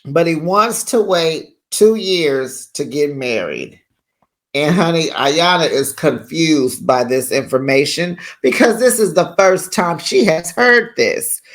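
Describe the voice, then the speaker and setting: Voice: medium pitch, lively intonation, slow. A reality TV recap host giving casual, sassy commentary in a chatty way, acting out quotes.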